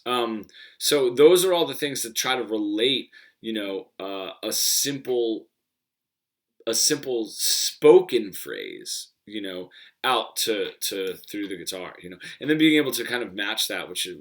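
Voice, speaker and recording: Bright-voiced male guitar teacher. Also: lowish voice. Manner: loose, conversational explaining, thinking aloud. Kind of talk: casual live Q&A teaching.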